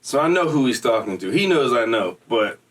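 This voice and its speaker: A man's voice: medium pitch, very animated, fairly quick, far from the mic. A man telling a story in a casual, slangy, streetwise way. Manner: slangy, streetwise, acts out quoted voices.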